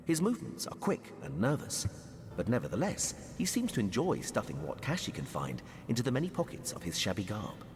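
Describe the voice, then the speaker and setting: A man's voice: mid-range voice, wildly swooping pitch, brisk. A man voicing the narrator of a fantasy game, telling the story in a storybook manner. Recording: game audio with long reverb, faint noise.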